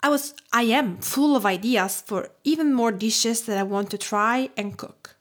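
A woman of about forty from Tuscany hosts her podcast in English with an Italian accent, her voice set a little high. She reads a prepared script expressively, with her pitch swinging widely. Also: a little slow. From Tuscany, Italy. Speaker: podcast host and cook.

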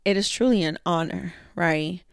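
A woman's voice: lowish voice, normal speed, smooth, no echo, clean studio sound. A woman hosting her own podcast, talking candidly and reflectively in a casual monologue, with slang and swearing. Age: adult, a mother. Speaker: podcast host; mentor to young women.

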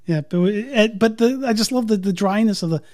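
Mellow-voiced man discussing films. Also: high-pitched, brisk. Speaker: podcast co-host. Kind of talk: casual film discussion chat.

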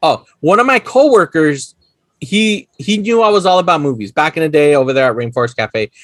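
A man's voice: fairly high pitch, animated, fairly quick, a bit bright, no room sound. A man in his thirties with a Chicano accent, co-hosting a podcast in casual chat, laughing often, swearing and acting out movie lines. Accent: Chicano English. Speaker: podcast co-host.

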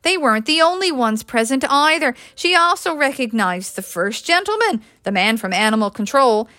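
A woman, a published author, reading an audiobook aloud in a lively, expressive way. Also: on the high side, no echo. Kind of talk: audiobook narration.

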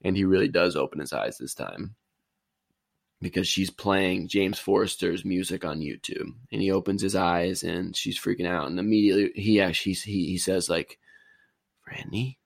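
A man's voice: low voice, normal speed, creaky, no echo, clean studio sound. A man in casual chat, retelling a movie plot in a rambling, easygoing way.

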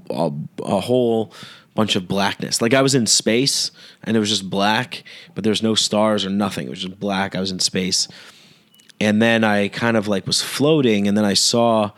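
Young podcast guy rambling on, lots of likes and ums, lowish voice, dry close mic. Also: no room sound. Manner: meandering, many fillers and restarts, laid-back. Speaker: podcast host. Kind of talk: rambling solo podcast monologue.

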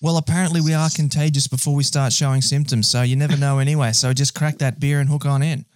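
A man's voice: mid-range voice, fairly even intonation, fast, darkish tone, no room sound, clean studio sound. An Australian man hosting a podcast, talking in an upbeat, chatty way with friendly banter. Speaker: podcast host. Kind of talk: casual podcast chat.

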